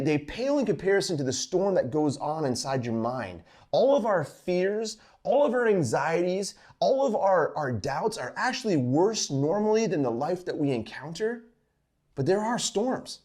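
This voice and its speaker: A man hosting a fishing vlog, giving an informal Bible study with animated storytelling full of "like"s. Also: a little high. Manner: animated storytelling, acts out scenes, many "like"s.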